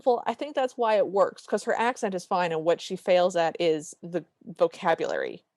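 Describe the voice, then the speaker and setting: A woman's voice: lowish voice, sing-song, moderate pace, a little mellow, dry recording. A woman co-hosting a podcast, casually narrating a film plot in an easygoing way. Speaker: podcast co-host. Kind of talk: casual chat recapping a film.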